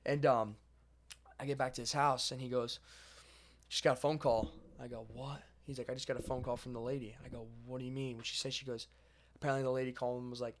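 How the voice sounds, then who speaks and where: A young man casually telling a long story to a friend, animated and swearing as he goes. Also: mid-range voice, fast. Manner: animated, swearing, lively retelling.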